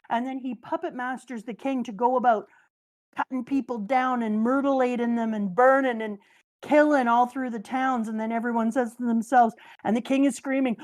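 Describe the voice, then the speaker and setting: A woman co-hosting a casual chat, playfully recapping a story with lively energy. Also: a little high, moderate pace. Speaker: co-host.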